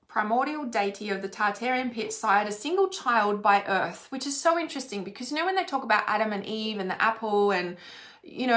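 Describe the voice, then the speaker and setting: A spiritual content creator with a slightly high, somewhat bright voice tells a personal story in a casual, chatty way, swearing freely and saying "like" a lot. The recording has a roomy echo.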